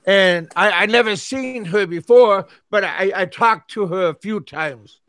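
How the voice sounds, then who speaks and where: High-voiced stammering male show host. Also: unhurried, fairly bright tone, dry recording. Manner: stammering, repeats his words often; talks back to chatters who interrupt him. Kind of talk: casual storytelling chat.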